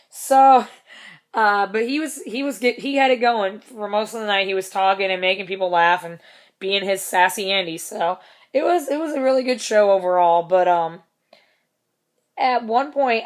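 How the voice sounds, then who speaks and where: A young woman casually telling a concert story in a vlog, chatty, laughing often, with plenty of swearing. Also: medium pitch.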